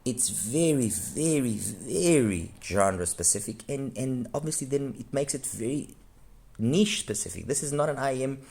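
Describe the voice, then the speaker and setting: A man's voice: mid-range voice, animated, normal speed, creaky, darkish tone. A man giving a frank, rambling review of audio gear, often stopping to correct himself mid-sentence. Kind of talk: unscripted review monologue.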